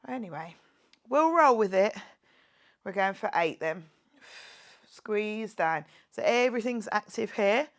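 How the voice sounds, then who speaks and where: A woman's voice: medium pitch, animated, a little slow, pauses often. A woman fitness instructor leading a guided workout class, joking around as she counts reps and cheers her viewers on. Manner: playful, jokey, counts reps aloud and cheers on.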